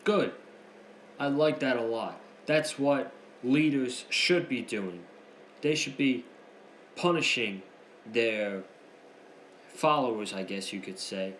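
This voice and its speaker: An excitable man talking through wrestling matches in a loose, chatty recap, dropping slangy asides. His mid-pitched voice sounds roomy and echoey, with a faint hum underneath. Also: takes it slowly. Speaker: wrestling show reviewer. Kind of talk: casual recap commentary.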